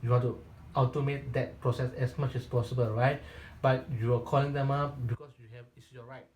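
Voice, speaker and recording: Coaching real estate agents in a Q&A, a man speaks with medium pitch, flat delivery and a slightly fast, slightly mellow voice. Emphatic and repetitive, he restarts sentences often and ends many lines with a questioning "right?". There's roomy echo and slight background noise.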